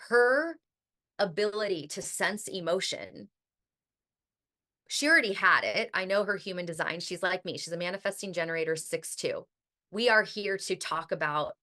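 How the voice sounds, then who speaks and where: A woman's voice: lowish voice, pushed and bright. A woman hosting a podcast in a chatty, casual monologue, filling her talk with "like" and the odd swear word. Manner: chatty, heavy use of "like", occasional swearing. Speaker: podcast host.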